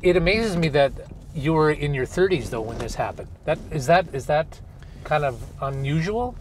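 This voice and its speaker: Eager high-voiced male host. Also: animated, a little hiss or hum. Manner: eager, joking, quick reactions. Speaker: show host, interviewer. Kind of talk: casual interview chat. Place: inside a car.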